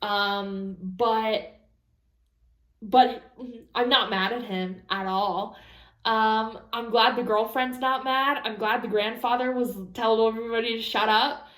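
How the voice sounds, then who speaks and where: A woman vlogger reads an online story aloud and reacts to it in casual chat. Her voice sits a little high, and she swears freely and bluntly with animated asides. The room rings with a noticeable echo. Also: slow pace. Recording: roomy echo.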